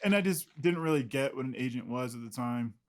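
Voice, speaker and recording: A man's voice: mid-range voice, lively intonation, fairly quick. A man, an illustrator guest in an interview, talking casually in a rambling, self-deprecating way with frequent laughs.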